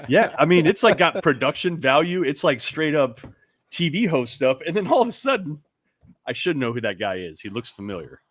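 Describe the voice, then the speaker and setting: A man co-hosting a casual sports talk show, animated and rambling, often laughing and restarting his sentences. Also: fairly high pitch, brisk, dry recording, clean studio sound. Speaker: sports radio co-host.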